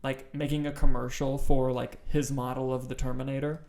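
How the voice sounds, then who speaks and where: A man's voice: mid-range voice, little pitch movement, brisk, darkish tone. A man co-hosting a movie podcast, talking in a loose, enthusiastic way with plenty of swearing and fillers. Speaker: podcast co-host. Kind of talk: casual chat.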